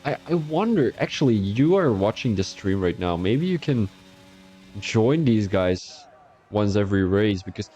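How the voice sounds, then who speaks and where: A man's voice: lowish voice, very animated, measured pace, dark tone, highs cut off, soft background music. A young man from Belgium, giving chatty live-stream commentary on an online racing league and talking to his chat between calls.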